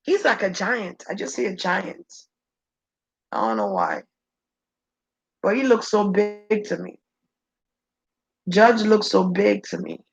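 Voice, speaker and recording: A woman's voice: very animated, slow, vocal fry, pauses often, breathy edge, dull audio. A woman speaking as a channeler in an intense, preachy spirit-channeling monologue. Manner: intense, preachy, shifting pitch.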